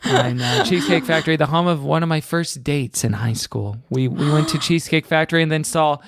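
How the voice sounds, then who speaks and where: A man in his thirties from the Houston suburbs of Texas hosts a podcast, telling rambling, self-correcting stories that keep looping back on themselves in casual chat. His gravelly voice is on the high side, sing-song and brisk. The recording is clean studio sound with no room echo.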